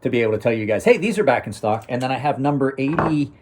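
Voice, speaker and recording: Speaking rapid-fire with lively intonation, the middle-aged knife review host has a medium-pitched, slightly mellow voice. He rambles casually through his live stream, restarting sentences often and chuckling to himself.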